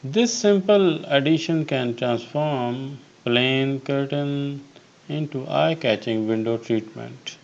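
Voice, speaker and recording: A man narrating a home decor tutorial as host, reading haltingly with frequent "uh" pauses. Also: medium pitch, gravelly, dull audio. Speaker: DIY channel host.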